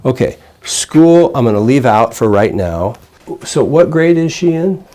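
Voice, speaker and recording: An older man, a child psychiatrist, calmly explaining parenting techniques to a parent in plain, conversational teaching. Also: mid-range voice, a little slow. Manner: calm, explanatory, plain-spoken. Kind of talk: conversational teaching with role-play examples.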